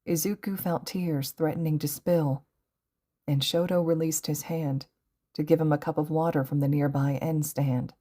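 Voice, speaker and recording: A woman with a low voice narrating a fan audiobook. Her reading is gentle and emotive. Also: steady tone, normal speed. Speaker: podfic reader.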